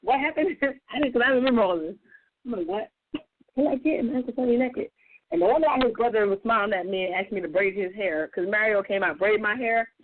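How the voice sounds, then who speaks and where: A woman on a radio talk show telling a personal story in a casual, profane, animated way. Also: fast talker. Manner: animated, profane, acts out quotes in a higher voice. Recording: tinny phone-like radio audio.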